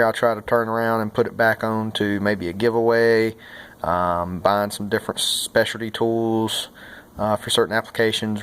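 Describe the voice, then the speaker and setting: In a clean, medium-pitched voice, a man who's a mechanic and channel host gives a hands-on repair tutorial. His step-by-step explanation is casual and folksy, with lots of fillers.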